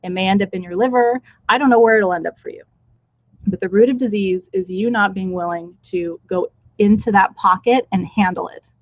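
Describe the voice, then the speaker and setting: A woman's voice: medium pitch, a little fast, no room sound. Candid woman teacher on a dull, dry stream. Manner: candid, chatty, blunt, with frank asides. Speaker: spiritual teacher leading a live ritual. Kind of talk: casual live-stream talk. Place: indoors with a small group in the room.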